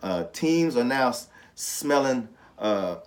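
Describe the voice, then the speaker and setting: Male sports podcast co-host, mid-pitch, emphatic, frustrated, repeats himself for effect. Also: animated, slow pace. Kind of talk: casual sports talk.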